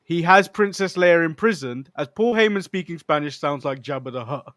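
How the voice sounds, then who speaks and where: Man, slightly high voice, dry close sound, laid-back podcast recap. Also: animated, moderate pace, fairly bright tone, dry recording. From United States. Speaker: podcast co-host. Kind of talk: casual recap of a wrestling show.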